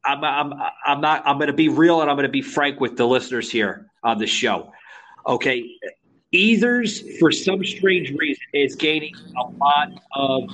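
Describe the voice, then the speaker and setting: A podcast co-host from Florida, a man who talks frankly and casually, with plenty of "uh"s as he gets his thoughts out. His voice sits at an ordinary mid pitch. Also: sharp tone, a little hiss or hum. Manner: frank, conversational, many fillers. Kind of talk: political podcast talk.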